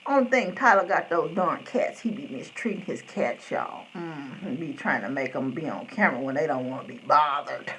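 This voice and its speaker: Middle-aged woman, live-stream host, rambles and jumps between subjects, animated pitch. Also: a little hiss or hum, low-quality recording. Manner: rambling, chatty, greets viewers by name. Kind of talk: casual chat.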